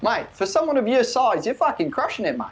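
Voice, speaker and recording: A man's voice: very high voice, very animated, brisk, slightly rough, muffled recording, pitched above the performer's own voice, heavily acted. A man voicing a brash, foul-mouthed little male dragon with an Australian accent who swears constantly and calls everyone mate. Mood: excited.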